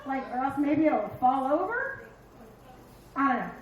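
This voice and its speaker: Brash, high-voiced woman in her fifties. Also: sing-song, a little slow, muffled recording, slight background noise. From Philadelphia. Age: 50s. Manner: brash, profane, punchy delivery with acted-out asides. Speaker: stand-up comedian. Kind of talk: stand-up comedy set. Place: dive bar stage. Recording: echoey bar room.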